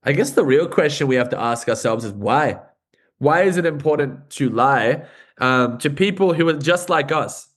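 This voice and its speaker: A man's voice: on the high side, animated, moderate pace. Earnest Australian man musing. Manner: earnest, rambling musings with swearing and fillers. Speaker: podcast host and band musician. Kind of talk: casual podcast chat.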